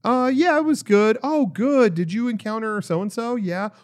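A man's voice: high-pitched, moderate pace, pitched above the performer's own voice, natural voice. A man putting on a chirpy female robot assistant. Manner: bubbly, chirpy, doting. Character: cheery sweet female hotel robot assistant.

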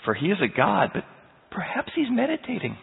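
A man's voice: high-pitched, huge pitch swings, brisk, gravelly, voice pushed up, exaggerated voice. A man voicing a mocking male prophet who sarcastically taunts his rivals, heard with a tinny sound in an echoing hall.

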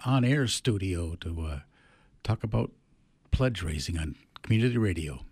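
Low-voiced radio co-host, relaxed. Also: male voice, normal speed, breathy edge. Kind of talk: casual radio chat.

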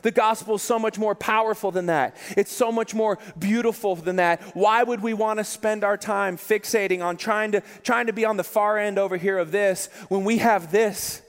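A man preaching a sermon with fervor, often stacking repeated words as he pushes a point. His voice sits high for a man. Everything carries the long reverb of a large hall. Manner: impassioned, repeats words in rising emphasis. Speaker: pastor.

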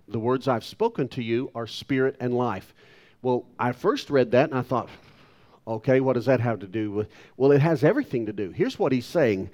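A man's voice: mid-range voice, darkish tone. A man in his sixties preaching a sermon with emphatic delivery and self-deprecating asides. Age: 60s. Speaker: pastor.

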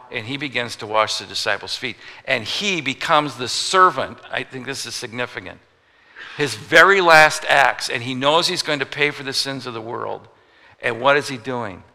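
A man preaches with a very bright, forceful tone, and his voice rings out with long reverb as if in a large church. He tells the story in an animated way, asking rhetorical questions and dropping joking asides. The delivery is that of a pastor in the pulpit. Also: medium pitch, creaky. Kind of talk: sermon.

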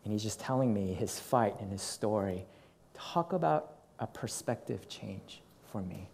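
A middle-aged man preaching, telling a personal story in an animated way and acting out what people said. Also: lowish voice, a little slow, gravelly, slight background noise. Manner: animated storytelling with acted quotes. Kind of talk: sermon storytelling.

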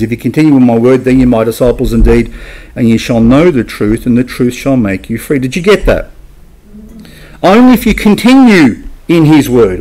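A man's voice: mid-range voice, a little mellow. A man preaching a sermon in a church, emphatic and asking his congregation rhetorical questions. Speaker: pastor.

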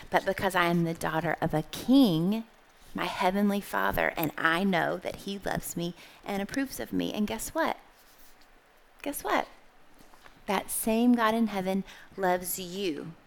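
A woman preaching to young listeners in an expressive, lively way. She keeps asking them questions and has them say words back to her, and her voice sits in an ordinary middle pitch. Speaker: children's Bible teacher.

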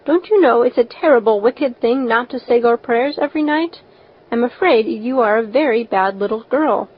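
A woman's voice: a little high, moderate pace, husky. A woman reading the part of a strict, stiff older spinster who scolds and admonishes. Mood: stern. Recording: dull lo-fi recording.

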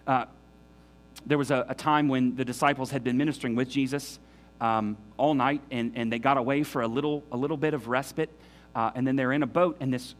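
A man's voice: mid-range voice, fairly even intonation, brisk, soft background music. A man preaching a sermon in an earnest, emphatic way, often restarting his sentences. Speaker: pastor.

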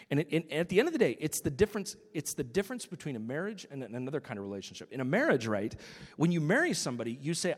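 A man's voice: a little high, big pitch swings, fast, big-room sound. A man preaching a sermon as pastor, acting out quotes and dropping to a whisper for emphasis.

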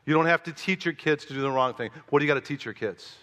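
A man from Chicago delivers a sermon in a bright, forceful voice that sits a little high for a man. He tells his stories with animated emphasis and acts out his own thoughts. His voice rings through a hall with a long reverb. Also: fast talker. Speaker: pastor.

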